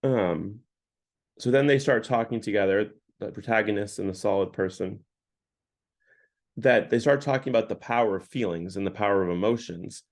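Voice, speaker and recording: A man's voice: lowish voice, moderate pace. A man giving a casual parish talk on a book, paraphrasing its dialogue with many "like" fillers. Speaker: parish speaker.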